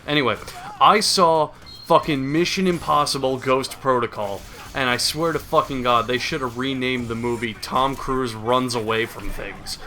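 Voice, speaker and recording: A man's voice: mid-range voice, moderate pace, sharp tone. A man giving a crude, sarcastic, rambling comedic recap of a movie as a video host. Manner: rambling, crude, sarcastic, mocks with silly voices.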